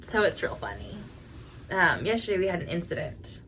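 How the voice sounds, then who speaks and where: A woman in her thirties co-hosting a podcast, telling a story in a lively chat and acting out the voices of the people in it. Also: lowish voice, normal speed, noisy background. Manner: animated storyteller, acts out quotes with laughs. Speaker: podcast co-host. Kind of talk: casual chat.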